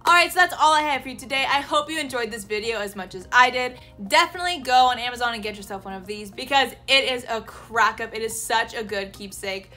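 A woman in her twenties, an elementary school teacher, telling classroom stories in a casual vlog. She is animated, laughs often and acts out the kids' lines. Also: fairly high pitch, fast, hardly any pauses.

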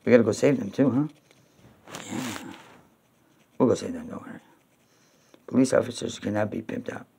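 A man from New York talking to camera in a rambling, repetitive way, now and then breaking into loud, high-pitched pleading. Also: moderate pace, creaky, pauses often, slight background noise. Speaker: video blogger.

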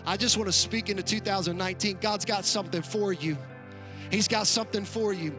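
A man's voice: high voice, fairly quick, music in the background. A man preaching a live sermon as pastor, acting out quoted lines and building to passionate altar calls. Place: church auditorium.

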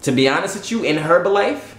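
A man's voice: high voice, expressive, quick pace, fairly bright tone, echoey room. A man with a Southern US accent giving a casual explainer monologue, blunt and salesy, checking in often with "right?". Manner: repeats "right?" and "you get what I'm saying", blunt and salesy. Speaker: YouTube host explaining a sales plan.

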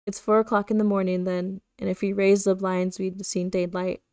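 Female reader giving a sentimental old gangster, gravelly, flat delivery. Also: mid-range voice, moderate pace, dry recording, studio quality, close to an everyday voice. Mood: gloomy. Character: gloomy older male gangster, sentimental.

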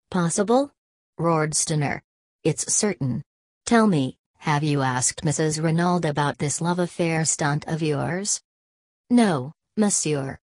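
A woman's voice: deep voice, a little mellow, dry recording. A woman narrating a detective novel aloud, reading every character with only slight changes in voice. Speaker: audiobook narrator. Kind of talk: scripted narration of a mystery novel.

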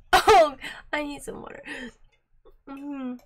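A woman's voice: high-pitched, a little hiss or hum. A woman streaming herself as she learns Japanese, chatting casually and giggling often. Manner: giggly, laughs often and openly; chatty, reacts out loud to the app. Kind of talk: casual live-stream chat.

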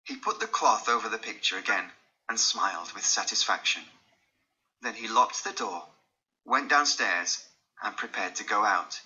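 A man narrating a graded-reader audiobook in a clear storytelling manner. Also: on the low side, normal speed, pushed and bright, lo-fi sound.

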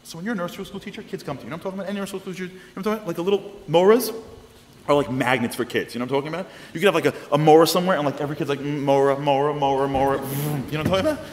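Man telling stories in a reverberant hall. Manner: lively, acts out the people in his stories with quick shifts of pitch. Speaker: speaker at a congregation lecture. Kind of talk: animated storytelling talk. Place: synagogue hall. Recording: long reverb of a hall, faint noise.

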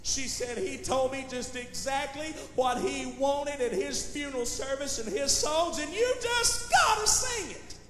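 A man voicing a weary, grieving elderly widow in a soft, plaintive voice. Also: sits high, animated, moderate pace, soft background music, voice pushed up. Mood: pleading. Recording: echoey hall recording.

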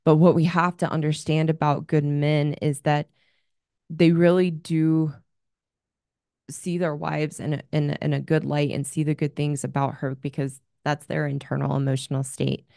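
A woman's voice: low-pitched, little pitch movement, moderate pace, creaky, dark tone, dry recording, clean studio sound. A woman hosting an advice show as a relationship coach, talking in an earnest, candid coaching tone. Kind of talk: advice monologue.

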